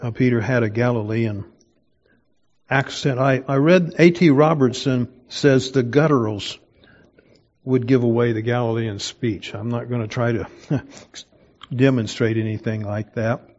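A man's voice: medium pitch, unhurried, a little mellow, dull audio. An older man preaching a conversational Bible sermon, digressing with personal stories and chuckles. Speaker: pastor. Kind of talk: expository sermon.

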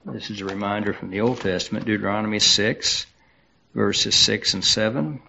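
A low-voiced man preaching a sermon, taking his time and often stumbling over words with fillers and restarts. The recording sounds slightly dull and muffled. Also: vocal fry, sharp tone, slight background noise. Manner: unhurried, halting with many fillers and restarts. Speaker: pastor.

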